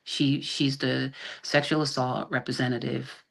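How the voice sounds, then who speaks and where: A woman's voice: very deep voice, measured pace, gravelly. A middle-aged woman, an army sergeant, telling her own story as a podcast guest, acting out what people said, with frequent restarts. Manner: animated retelling that acts out quoted dialogue, with frequent restarts. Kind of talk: personal storytelling in a podcast interview. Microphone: video call.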